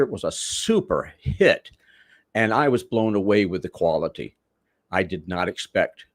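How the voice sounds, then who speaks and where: Rambling old showman, low dry voice. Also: dry recording. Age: older. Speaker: guest, veteran wrestler. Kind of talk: storytelling in a podcast interview.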